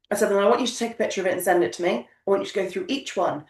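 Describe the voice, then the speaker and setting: A woman's voice: mid-range voice, rapid-fire, darkish tone. A woman coaching a group of business owners, speaking emphatically and repeating her points in a motivational way. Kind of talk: coaching session talk. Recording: echoey room, distant mic.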